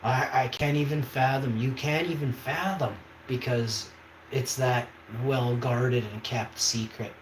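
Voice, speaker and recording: Hosting a livestream, a man rambles emphatically and regularly checks in with viewers. His voice is medium-pitched, fairly even in intonation, and unhurried, recorded in an echoey room with faint background noise.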